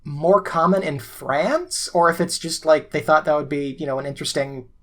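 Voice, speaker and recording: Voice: medium pitch, normal speed, fairly bright tone. A podcast co-host in casual conversation, chatty with many fillers and laughs.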